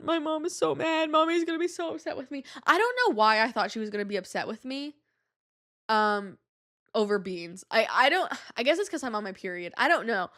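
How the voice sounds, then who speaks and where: A young woman hosting a podcast, telling a story in a chatty, animated way and acting out the voices of people she quotes. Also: mid-range voice. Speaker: podcast host. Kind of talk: casual storytelling monologue.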